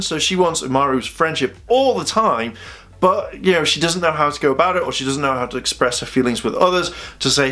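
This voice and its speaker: A man's voice: fairly high pitch, fairly bright tone. A man giving a casual spoken review of an anime, chatty and rambling, with lots of "you know" fillers.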